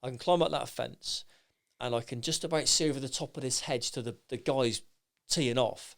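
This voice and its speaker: Gravelly man telling war stories. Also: mid-range voice, normal speed. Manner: lively, rambling storyteller with frequent restarts. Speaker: podcast guest. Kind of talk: anecdotal storytelling in casual chat.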